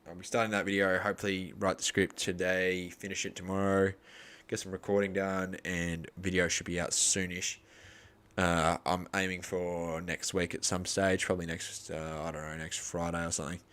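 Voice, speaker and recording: A man's voice: deep voice, a bit bright. A young Australian man hosting a live cricket reaction stream, rambling and arguing crudely with his chat.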